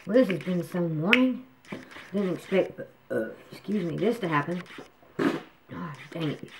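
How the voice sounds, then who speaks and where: A woman's voice: on the low side, lively intonation, a little slow, background noise. A woman from North Carolina, chatting casually to the camera in a home vlog and complaining as she goes. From North Carolina, USA. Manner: chatty, complaining, scolds her pet. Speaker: vlogger.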